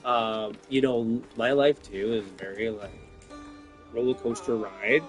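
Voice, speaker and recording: A man's voice: medium pitch, steady tone, unhurried. Man, rambling streamer talk, swearing, faint music behind. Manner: rambling, filler-heavy, swears when worked up.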